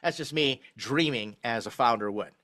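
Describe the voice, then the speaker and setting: A middle-aged man reviewing a startup pitch deck in a live online session, blunt and emphatic as he critiques and teaches. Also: normal speed, sharp tone.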